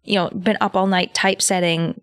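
A woman's voice: mid-range voice, level tone, brisk, dry recording, clean studio sound. A woman guest in casual conversation, chatty and laughing often as she tells her story. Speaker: podcast guest. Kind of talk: casual chat.

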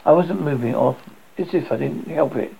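Gravelly man reading a wry memoir. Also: fairly high pitch, moderate pace, dull audio. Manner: wry, self-mocking. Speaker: narrator.

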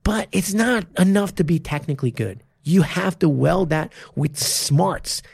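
Raspy gravelly guy, coach type, super animated chat, swears a lot, dry close mic. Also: on the high side, dry recording. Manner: animated, swears freely, quick bursts of enthusiasm. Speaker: martial arts coach and podcast host. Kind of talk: casual chat.

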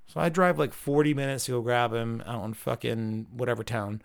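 A man's voice: mid-range voice, brisk, vocal fry, hardly any pauses, clean tone. A man hosting a podcast, casually telling a long, profane anecdote and quoting the people in it. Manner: profane, rambling anecdote with quoted dialogue. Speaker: podcast host. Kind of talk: casual storytelling.

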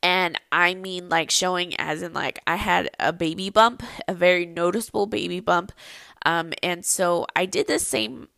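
A woman's voice: lowish voice, moderate pace, gravelly, a bit bright, no room sound. A young adult woman hosting a casual personal podcast, telling a story in a chatty, rambling way full of ums and likes. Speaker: podcast host.

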